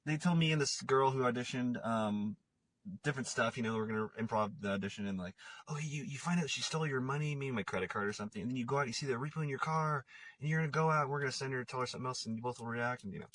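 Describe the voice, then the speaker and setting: A man's voice: mid-range voice, rapid-fire, fairly bright tone, no echo. A man hosting a podcast, telling a rambling story with lots of laughs and acted-out quotes. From Italian Scottish family. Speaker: podcast host. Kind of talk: casual chat, storytelling.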